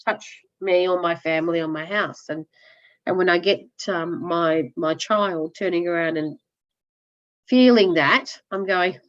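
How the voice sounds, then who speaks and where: A woman, a coaching client, talking loudly and candidly in a casual group coaching call. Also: on the low side, takes it slowly, lo-fi sound. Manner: loud, candid and animated, with blunt asides. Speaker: coaching client sharing progress.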